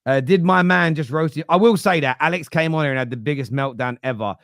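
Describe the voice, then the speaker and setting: A slightly high-voiced man hosts a live football fan stream. He jokes around and reads viewer messages aloud. The sound is dry and close. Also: fast talker, creaky, fairly bright tone, no echo. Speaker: host.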